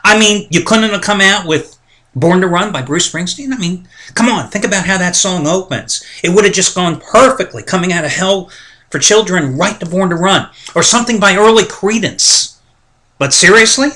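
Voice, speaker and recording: A man talks in a loose, opinionated daily monologue, full of asides and complaints. His voice is bright and forceful, sitting a little high for a man. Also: moderate pace. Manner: chatty, opinionated ranting with asides. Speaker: sports betting site host. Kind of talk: casual monologue.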